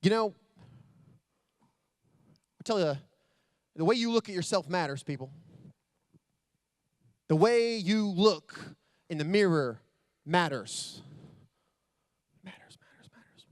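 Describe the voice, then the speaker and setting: Male keynote speaker, high-pitched and excitable, dry close mic, storytelling that ramps up to big energy. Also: slow, long pauses, no room sound. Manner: builds to loud excited storytelling. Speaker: motivational speaker. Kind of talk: motivational keynote speech. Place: convention stage.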